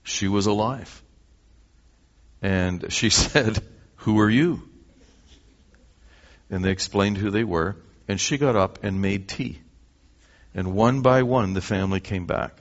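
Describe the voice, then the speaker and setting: A man's voice: sits low, a little slow, highs cut off. A Canadian man preaching a sermon, telling a story and acting out the dialogue.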